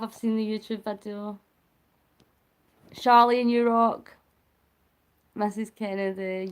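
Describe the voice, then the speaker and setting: A woman chatting affectionately with viewers on a charity live stream, laughing often. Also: mid-range voice. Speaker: vlogger livestreaming a charity cycle.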